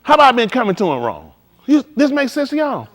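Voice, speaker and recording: A man preaching in a casual, conversational style, swinging from quiet to loud and acting out conversations. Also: extremely high pitch, fast. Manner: animated, shifting between quiet and loud, acts out dialogue. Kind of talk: livestreamed sermon.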